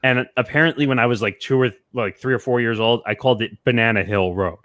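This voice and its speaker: A man co-hosting a casual podcast chat, relaxed and easygoing as he shares stories. His voice sits at a middle pitch, and the recording is dry and close. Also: quick pace, dry recording. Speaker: co-host.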